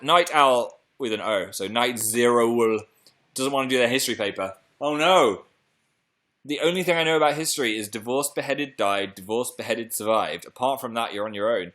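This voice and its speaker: A man's voice: mid-range voice, moderate pace, fairly bright tone. A young British man hosting a casual live stream, chatting playfully and reading out viewer comments. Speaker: livestream host.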